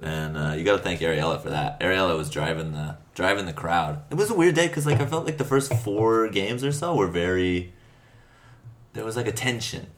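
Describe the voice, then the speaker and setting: A man hosting a casual podcast chat, relaxed and rambling, laughing often. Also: sits low, fairly quick. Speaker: podcast host.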